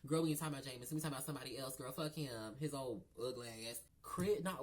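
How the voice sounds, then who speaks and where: A man's voice: mid-range voice, brisk, hardly any pauses. A man telling a casual storytime to viewers, sassy and gossipy, calling them girl and y'all. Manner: animated with laughs and sudden loud outbursts. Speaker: storyteller vlogger.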